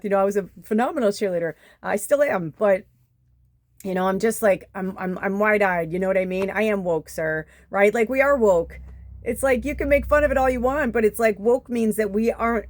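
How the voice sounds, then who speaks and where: A woman in her fifties who works as a spiritual medium rambles on in a chatty, emphatic monologue, swearing often. Her voice is fairly high, and the recording has no echo.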